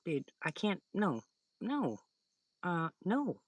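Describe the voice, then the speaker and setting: A woman's voice: on the low side, sing-song, takes it slowly, no echo. An older woman hosting a live stream, rambling through stories in casual chat with her viewers, laughing often. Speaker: livestream host.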